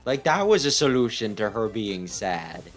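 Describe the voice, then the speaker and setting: Wry, lively let's play commentator. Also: male voice, fairly low pitch, moderate pace. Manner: sarcastic, wry, casual. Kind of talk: casual game commentary. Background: faint game music.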